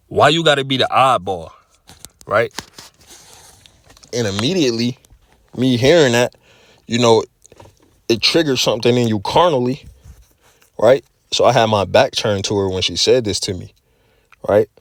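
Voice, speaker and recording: A man with a lowish voice shares a casual, profane religious testimony, repeating words and filling gaps with "you know," "man," and "okay." The sound is clean studio audio with no room sound.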